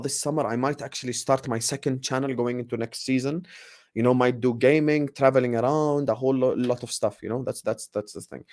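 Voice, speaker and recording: A man in his late twenties, a football channel host, doing a casual live Q&A with viewers. He talks in an animated way and often repeats his phrases. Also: mid-range voice. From grew up partly in the UAE. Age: 20s.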